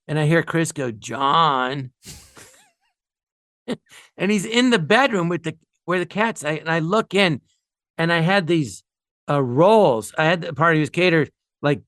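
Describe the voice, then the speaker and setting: A man's voice: on the high side, a bit bright, smooth, no room sound, studio quality. A man telling rambling, funny anecdotes as a guest, often laughing at his own stories. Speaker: guest storyteller.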